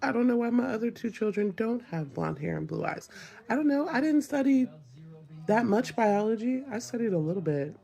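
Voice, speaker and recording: A woman's voice: fairly high pitch, animated, a little fast, gravelly, dark tone. A young mother with a Southern accent talking casually to the camera, frank and exasperated.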